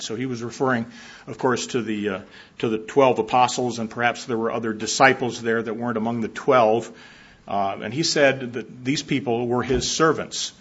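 A man giving a sermon, speaking in a measured, reflective way with fillers and restarts. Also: medium pitch, steady tone, a bit bright, husky. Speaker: preacher. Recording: dull lo-fi recording.

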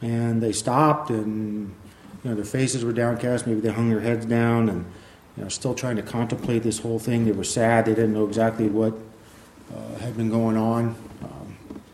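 A man preaching a sermon in a relaxed, conversational way, with many fillers, who reads passages of scripture aloud. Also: lowish voice, normal speed, slight background noise. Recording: echoey room.

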